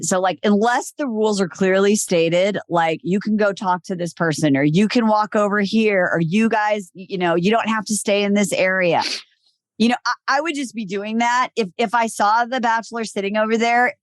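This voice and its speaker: A woman's voice: mid-range voice, normal speed, dry recording, studio quality. A woman hosting a podcast in casual chat, telling stories with lots of "like" and acting out quotes. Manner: chatty, acts out quotes from the show. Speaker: podcast host.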